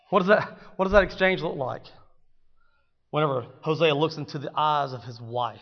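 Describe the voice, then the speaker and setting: Guy preaching a sermon, goes quiet then yells, kinda muffled, echoey church hall. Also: a little high, moderate pace. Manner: dramatic, swings from hushed to shouting. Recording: dull sound with long hall reverb.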